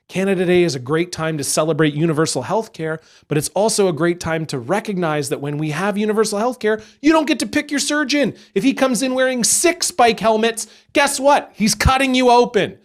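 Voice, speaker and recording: A young man telling a story as a stand-up comedian, animated and acting out other people along the way. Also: sits high, fairly quick, few pauses.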